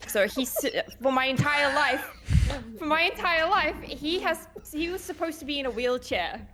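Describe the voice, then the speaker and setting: A woman's voice: high voice, lively intonation, normal speed, pushed and bright. A young woman in casual chat, talking in loose sentences with restarts. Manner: chatty, trailing restarts. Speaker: podcast guest.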